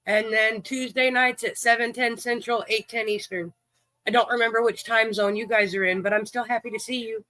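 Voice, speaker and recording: A woman's voice: a little high, steady tone, a little fast, pushed and bright, no room sound, rough recording. Coughing, breathless woman streamer. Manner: folksy, teasing, profane, chatty. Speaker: live stream host dealing a card game. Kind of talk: casual chat with viewers.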